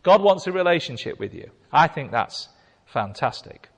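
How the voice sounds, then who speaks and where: Male preacher, emphatic sermon, pitch swinging widely, long reverberant echo. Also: big pitch swings, normal speed. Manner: emphatic, repeating key phrases.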